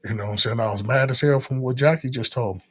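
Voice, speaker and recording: A man with a medium-pitched voice and quick pace rambles in a relaxed way as a guest in a casual conversation, often asking "you know what I'm saying".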